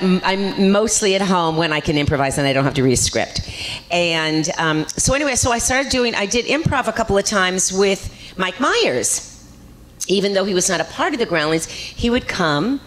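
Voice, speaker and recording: A woman, an actress at a convention panel, telling lively, rambling stories about her career. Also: sits low, a little hiss or hum. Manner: chatty, rambling, lively storytelling.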